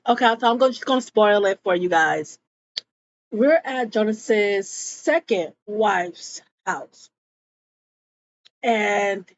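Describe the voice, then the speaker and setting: A woman recapping a TV episode in casual chat, slipping into quick voices for the characters' lines. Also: medium pitch, highs cut off. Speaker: show recap vlogger.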